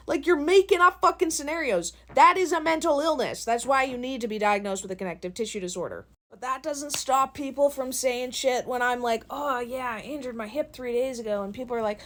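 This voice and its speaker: A young woman content creator vents in a casual vlog recorded on a phone, telling profane, animated stories broken up with laughs. She speaks a little fast in a voice on the high side.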